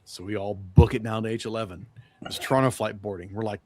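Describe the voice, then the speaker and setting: A man's voice: lowish voice, fairly even intonation, fast talker, mellow. A man telling a profane, rambling travel story on a podcast, acting out the people he met. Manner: profane, rambling anecdote with quoted dialogue. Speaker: podcast guest or co-host.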